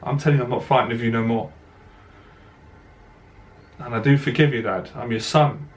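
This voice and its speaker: A man's voice: mid-range voice, normal speed. Emotional man speaking to camera. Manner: earnest, direct, repeats himself, voice catching with emotion. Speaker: dating coach. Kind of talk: emotional personal monologue to camera.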